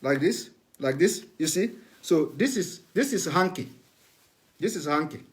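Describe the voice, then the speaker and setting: High-voiced man demonstrating. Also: animated, unhurried. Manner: repetitive, instructive, plain spoken. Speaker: live broadcast host. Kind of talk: live demonstration talk to viewers.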